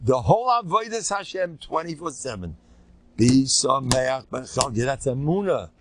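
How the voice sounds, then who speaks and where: An older man, a rabbi, giving an informal, animated Torah lecture, joking and asking his listeners rhetorical questions. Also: mid-range voice, normal speed, background noise. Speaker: rabbi teaching a class.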